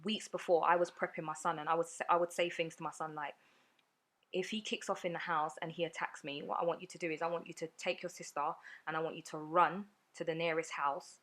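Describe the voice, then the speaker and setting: Podcast guest, woman, deep voice, quick earnest storytelling full of fillers. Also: steady tone, a bit bright. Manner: earnest, rapid retelling with many fillers. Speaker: guest sharing her story. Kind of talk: personal storytelling in a podcast interview.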